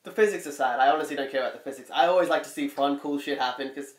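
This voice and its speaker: Fast, excitable man, off-mic. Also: mid-range voice, echoey room, recorded from a distance. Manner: excitable, swears freely, laughs often. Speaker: podcast co-host. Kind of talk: casual film review chat.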